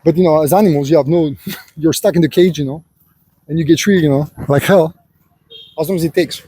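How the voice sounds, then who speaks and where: A vlogger with a fairly high, mellow and slightly husky voice delivers a loose, unscripted personal monologue at a brisk pace with fairly even intonation. He rambles, circles back with constant filler phrases, and slips into a preachy lecturing tone, calling the listener "son".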